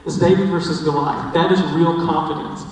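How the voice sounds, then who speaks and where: A man's voice: a little high, steady tone, fairly quick. A young man preaching a casual sermon, telling the story in a chatty way and checking in with listeners with "okay?". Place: church hall. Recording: echoey hall from far off.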